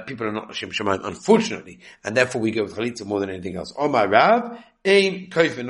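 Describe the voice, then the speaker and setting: A man giving a Talmud study lecture, reading the text aloud and explaining it in English with many rhetorical questions. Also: medium pitch. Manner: mixes Aramaic readings with quick English explanation. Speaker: Talmud teacher.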